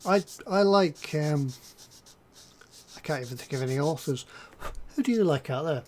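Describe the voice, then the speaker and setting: A man's voice: fairly high pitch, expressive, normal speed, slight background noise. An older man hosting a live stream, chatting casually and hesitantly as he reads out viewer comments. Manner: rambling, hesitant, lots of ums and restarts. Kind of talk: casual chat while reading viewer comments.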